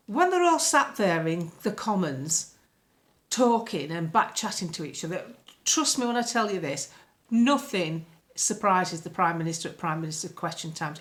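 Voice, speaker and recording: A woman speaks at an ordinary mid pitch, sounding neither high nor low. She comments on politics in a chatty, off-the-cuff way. She is blunt and sarcastic, with plenty of exasperation. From United Kingdom. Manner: blunt, sarcastic, frequently annoyed. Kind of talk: casual talk to camera.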